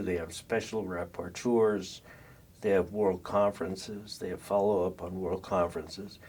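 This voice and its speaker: A man's voice: sits low, darkish tone, distant mic. An older man giving a conversational classroom lecture as a social work professor, full of fillers and restarts.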